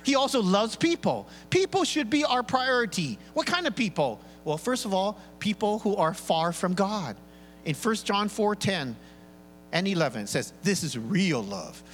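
A middle-aged man with a high, bright voice preaches to his congregation, lively and joking. He slips in and out of playful voices as he acts out churchgoers. The sound carries the long reverb of a large church hall. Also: unhurried. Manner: animated, acts out congregation voices with big pitch swings. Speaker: pastor. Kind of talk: sermon. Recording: live church hall reverb, faint hum.

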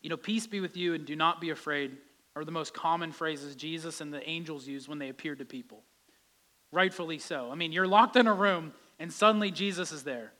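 A man's voice: fairly high pitch, fairly quick, sharp tone. A male pastor giving a conversational sermon, his voice rising with emphasis at key points.

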